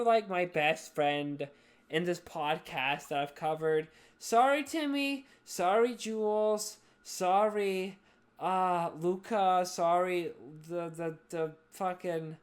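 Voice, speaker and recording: A woman's voice: on the low side, slow pace, clear, resonant tone. Drunk, rambling woman podcast host. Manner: rambling, repeatedly apologetic, swears a lot. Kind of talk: casual podcast chat.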